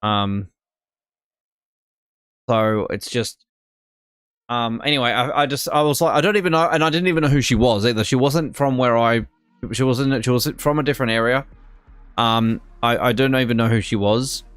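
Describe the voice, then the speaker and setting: A man's voice: medium pitch, moderate pace, pauses often, a bit bright, smooth, no room sound, studio quality. Australian man, casual streamer rant, rambling with fillers, faint music behind. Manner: rambling, many fillers and restarts, indignant.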